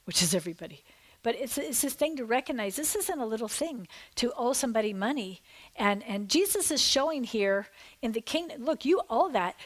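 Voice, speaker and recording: Woman, pastor, emphatic sermon, digressive asides, fairly high voice. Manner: animated, digressive, emphatic preaching. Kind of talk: sermon with scripture reading.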